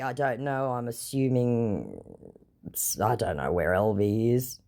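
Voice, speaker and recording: A woman's voice: a bass voice, animated, moderate pace, dark tone. A woman narrating chat screenshots from a scam-baiting exchange, speaking in a mocking, amused way. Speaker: scam-baiting video creator.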